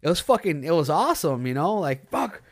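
A man's voice: a little high, sing-song, a little fast. A man chatting casually on a podcast, blunt and swearing, calling people "dude" and "bro".

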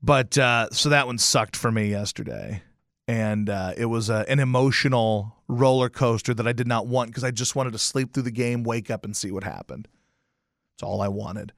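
A man hosting a sports talk show, ranting and telling stories in a profane, animated way with sudden loud outbursts. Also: medium pitch, moderate pace, gravelly, dry recording, clean studio sound. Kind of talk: casual sports rant.

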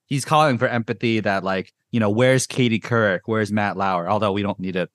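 A man hosting a podcast in casual chat, rambling and excitable with lots of filler words. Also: fairly low pitch, a little fast, dry recording, clean studio sound. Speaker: podcast host. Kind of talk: casual chat reviewing music.

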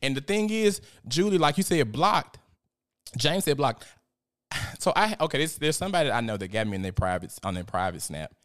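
A young man hosts a casual live stream, talking in an animated, profane way and reading out viewer comments. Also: medium pitch, a little fast. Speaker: host.

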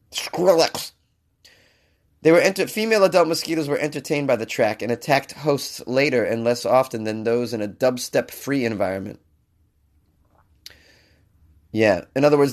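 A man giving casual, jokey commentary while reading out a science news story, with sarcastic asides. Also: on the high side. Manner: jokey, sarcastic asides, mock-crooning bits.

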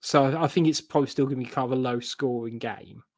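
A man's voice: medium pitch, fast, darkish tone, no echo. Rambling man on a dry recording. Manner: rambling, hedging with restarts. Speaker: guest football fan. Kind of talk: casual podcast chat.

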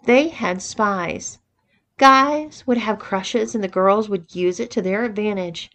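A woman's voice: mid-range voice, takes it slowly, a bit bright. A woman reading the part of a sheepish young man recounting a story, matter-of-fact.

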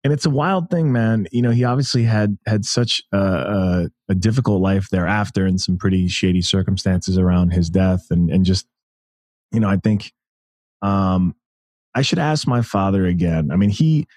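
A man in his thirties from the United States, a podcast guest telling stories in a rambling, animated way and laughing often. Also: deep voice, normal speed, no echo, studio quality. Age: 30s. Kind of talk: casual interview chat.

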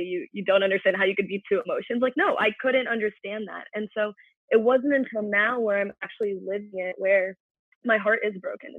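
A woman's voice: mid-range voice, dry recording. A young woman in her twenties, a guest on a podcast, speaking earnestly and reflectively as she opens up about her feelings. Her voice comes through a thin, phone-like line with no room sound at all. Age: 20s. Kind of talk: casual podcast conversation. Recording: tinny phone-like line, dry.

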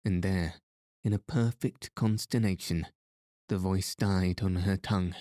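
Slow, deep-voiced male narrator. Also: steady tone, warm tone, no room sound, studio quality. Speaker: audiobook narrator. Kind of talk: scripted narration.

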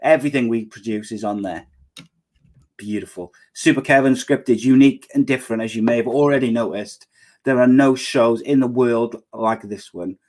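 A man's voice: medium pitch, brisk, darkish tone. A man with a Welsh accent hosting a podcast, rambling and joking playfully. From Wales. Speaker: podcast host.

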